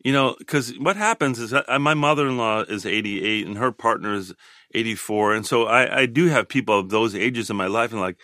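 Thoughtful, bright-toned man in his sixties. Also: lowish voice, no room sound, studio quality. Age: 60s. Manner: thoughtful, halting, with frequent restarts. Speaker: guest. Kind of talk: reflective interview talk.

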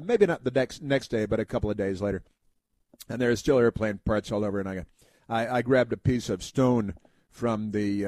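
A man's voice: on the low side, darkish tone, no room sound. A man hosting a radio talk show, talking casually in a rambling, wry, self-mocking way from a studio.

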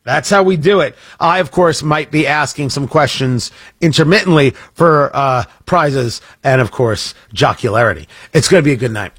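A man's voice: on the high side, normal speed, fairly bright tone, breathy edge, no room sound. A man hosting a morning radio talk show, chatting casually and rambling with jokey asides and restarts, in a studio. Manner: rambling, self-interrupting, jokey. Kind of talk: casual on-air chat and promo. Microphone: studio microphone.

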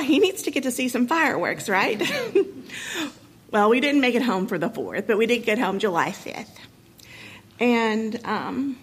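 A woman in her thirties with a husky voice, telling a painful personal story to an audience, emotional and halting, with many pauses and fillers. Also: mid-range voice, a bit bright, poor audio. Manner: emotional, halting, many ums and you-knows.

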